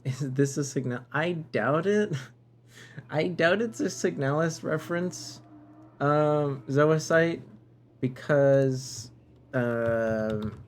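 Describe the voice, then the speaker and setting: A man's voice: a little high, slow, a little hiss or hum. A man streaming a game live, musing aloud and bantering playfully with viewers.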